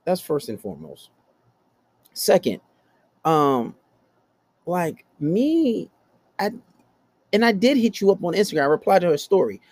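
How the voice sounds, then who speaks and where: A man's voice: very animated, normal speed, pauses often, a little mellow, dry recording. A young man hosting a podcast, improvising a profane, casual story about dating. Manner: profane, storytelling, mimics voices in high pitch. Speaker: podcast host.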